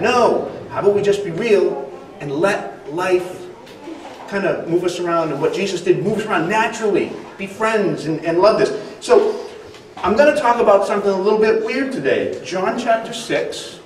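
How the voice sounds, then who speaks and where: A man's voice: sits high, lively intonation, moderate pace, background noise. Casual man preaching in an echoey hall. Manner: casual, conversational preaching with frequent fillers. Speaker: pastor. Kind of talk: sermon. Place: church hall. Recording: echoey hall, distant mic.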